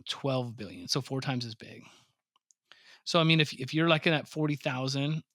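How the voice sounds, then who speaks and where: A man's voice: mid-range voice, normal speed, no echo, studio quality. A man, a pond business owner, telling stories in a casual podcast interview and acting out his own surprised reactions. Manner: animated storyteller, swears freely, acts out his own reactions.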